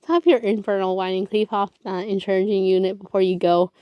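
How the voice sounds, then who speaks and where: A woman reading a story aloud and giving lines to a bossy, scornful male robot warlord in a gruff, commanding way. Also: medium pitch, steady tone, a little fast, warm tone, no echo, close to an everyday voice.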